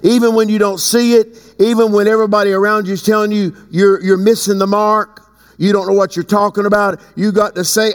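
A man preaching a sermon as pastor, swinging between slow emphatic stretches and sudden high leaps. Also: little pitch movement. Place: church sanctuary. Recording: long hall reverb.

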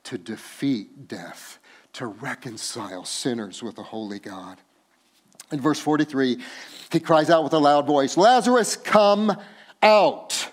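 A man preaching a sermon as pastor, moving from hushed, slow tender passages to loud, laughing, emphatic bursts. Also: mid-range voice.

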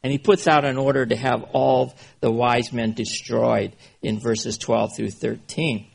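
A man's voice: medium pitch, flat delivery, a little slow, gravelly, husky. A man preaching an informal sermon, often checking in with his listeners as he goes. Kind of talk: conversational sermon on scripture.

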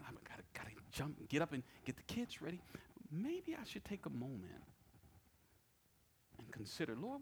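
A man's voice: medium pitch, slight background noise. A male pastor preaching a sermon, telling personal stories in a conversational way and often asking "right?". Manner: animated storytelling with personal anecdotes; conversational, repeats words and asks "right?".

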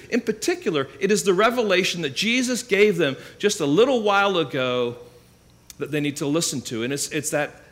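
A man preaching to a congregation in a somewhat high voice. He teaches scripture earnestly, pressing his points with rhetorical questions and answering them himself. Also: fairly bright tone. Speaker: pastor. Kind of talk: sermon.

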